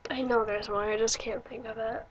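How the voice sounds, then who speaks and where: Young woman, slightly high voice, rambling chatty vlogger, muffled lo-fi sound. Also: level tone, brisk, slight background noise. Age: young adult. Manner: chatty, rambling, many fillers and restarts. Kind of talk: casual storytelling vlog.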